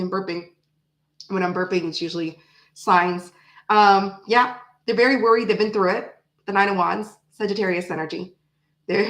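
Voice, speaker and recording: A woman's voice: a little high, a bit bright, reverberant, poor audio. A woman doing a casual tarot reading to the camera, thinking aloud and repeating her phrases as she pulls cards. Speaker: tarot reader.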